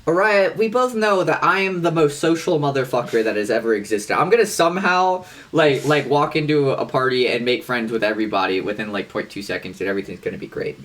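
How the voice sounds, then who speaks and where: A young man co-hosting a podcast in casual chat, loud, boastful and swearing freely. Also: mid-range voice, animated, brisk, hardly any pauses. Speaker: podcast co-host.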